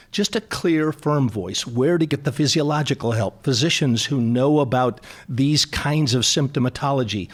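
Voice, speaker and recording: A middle-aged man in a radio interview, talking in a mid-range voice. He speaks earnestly and leans on repeated words to drive each point home. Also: medium pitch. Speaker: clinical psychologist guest.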